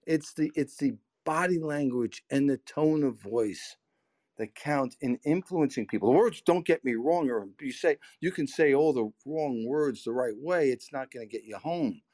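On a podcast, a middle-aged man talks sales in an animated, conversational way, his mid-range, darkish voice moving at normal speed. He's emphatic and repeats words often, his pitch swinging up and down as he drives his points home.

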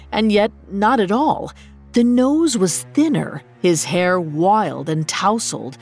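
Woman narrating a spooky story, slow and animated, faint music underneath. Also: mid-range voice, breathy edge. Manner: dramatic, expressive storytelling. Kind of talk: scripted narration.

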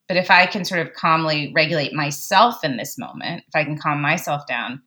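A woman's voice: low voice, a little fast, hardly any pauses, bright, forceful tone. A woman psychologist who is a guest on a podcast, speaking animatedly, acting out inner dialogue and laughing often. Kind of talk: casual podcast conversation.

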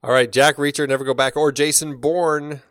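A man's voice: fairly high pitch, steady tone, normal speed, fairly bright tone, dry recording, studio quality. A man hosting a casual film podcast, running the rankings as an upbeat, joking moderator.

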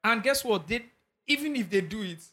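A man's voice: high voice, expressive, a little fast, pushed and bright, breathy edge. A Nigerian man co-hosting a casual podcast chat, telling stories with animation and slipping into pidgin and swearing. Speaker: podcast co-host.

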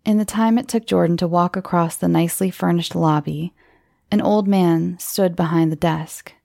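A woman reading a horror story aloud in measured scripted narration, sometimes sinking to a whisper for suspense. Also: lowish voice, steady tone, gravelly, dark tone, no room sound. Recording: music bed under the voice.

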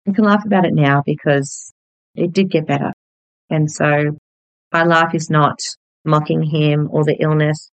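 A woman in her thirties hosting a podcast, telling a personal story in a reflective, gentle, candid way. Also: low-pitched, fairly even intonation, measured pace, no echo, rough recording. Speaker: podcast host.

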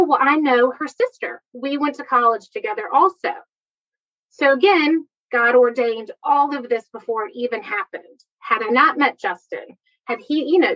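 A woman, telling her personal story in a chatty, earnest way with quick asides. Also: on the high side, lo-fi sound. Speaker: guest sharing personal story.

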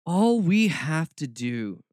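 A man's voice: fairly high pitch, big pitch swings, takes it slowly, a little mellow, no echo, studio quality. A man mocking a drawling Southern preacher woman.

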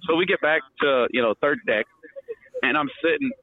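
A young man telling rowdy stories in a casual, animated way, swearing and loudly acting out the voices of others. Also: on the high side, normal speed. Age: young adult. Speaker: guest storyteller. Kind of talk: casual storytelling. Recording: tinny phone-line audio.

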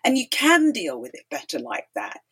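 Woman, middle-aged, talk show host as guest, emphatic, lively pitch. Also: moderate pace, slightly rough. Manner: animated, emphatic, acts out quotes. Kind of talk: storytelling interview chat.

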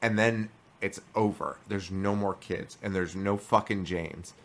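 A young man hosting a podcast, telling a story in an animated, profane way during casual chat. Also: deep voice, a little slow. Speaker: podcast host.

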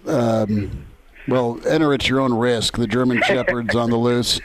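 A man's voice: medium pitch, steady tone, measured pace, slight background noise, poor audio. A jovial man hosts a sports radio show from his kitchen at home. He rambles and restarts his sentences often. A faint household clatter sits behind him. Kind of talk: casual sports radio chat.

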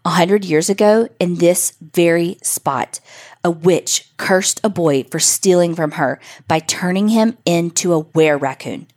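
A woman's voice: lowish voice, measured pace, a little mellow, close to an everyday voice. A woman voicing a teasing older sister who spins a spooky legend to frighten her little sister. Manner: teasing, mock-ominous.

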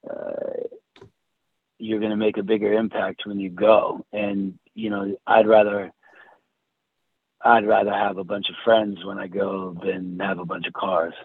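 Husky low-voiced man telling a story. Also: level tone, dry recording. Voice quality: husky, halting with many restarts. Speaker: guest. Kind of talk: casual storytelling. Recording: tinny phone-like sound.

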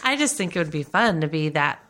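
A woman's voice: low-pitched, big pitch swings, a little fast, a bit bright. A woman with a Southern American accent, chatting and gossiping casually as a podcast co-host, with lots of fillers and laughter. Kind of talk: casual celebrity gossip chat.

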